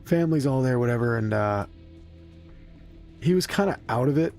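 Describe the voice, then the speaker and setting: A man with a medium-pitched, slightly mellow voice talks at a normal speed with lively intonation over soft background music. He's a gaming streamer chatting loosely with viewers as he plays, rambling, making fun of himself, swearing often and being candid about his emotions.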